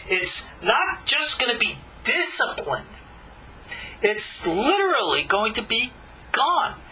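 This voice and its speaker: A high, very bright male voice lectures slowly and deliberately, with pauses between phrases. His pitch leaps and falls as he stresses points and puts rhetorical questions to his listeners. A faint background hum sits under the talk. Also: poor audio. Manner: emphatic, with long dramatic pauses. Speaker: rabbi teaching a class. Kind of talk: Torah lecture.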